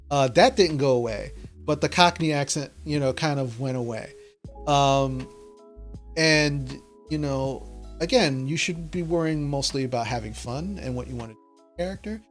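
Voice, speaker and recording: A man who runs a tabletop game, chatting casually and answering viewer questions with many fillers and restarts. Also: fairly high pitch. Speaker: dungeon master.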